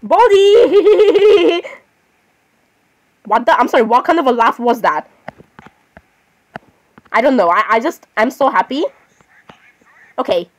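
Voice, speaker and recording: A woman's voice: a little high, animated, moderate pace, long pauses, a bit bright. A woman giving casual gameplay commentary, chatting on and arguing with herself, often breaking off to apologize. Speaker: gaming channel host.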